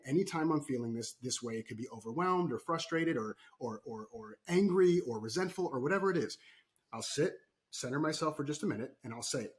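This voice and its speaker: Brief: mid-pitched male coach, animated storyteller, podcast guest. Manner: animated storytelling, frequent "right?" tags. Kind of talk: podcast interview.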